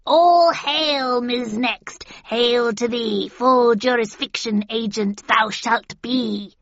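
A woman's voice: a little high, slow pace, vocal fry, no echo. A woman voicing pushy, ugly old female witches who chant archaic prophecies, in a dull, dry recording. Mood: wheedling.

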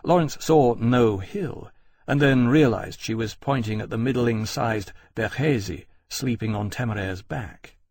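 A man narrates an audiobook with measured, steady storytelling. His voice is husky and mid-pitched, recorded close and dry. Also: no echo. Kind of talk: scripted narration.

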